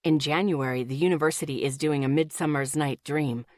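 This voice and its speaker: A woman voicing a kind, gentle young man who speaks softly and low in a smooth, silky tone. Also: steady tone, no echo, studio quality, natural voice. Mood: gentle, wry. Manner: soft, low and slow.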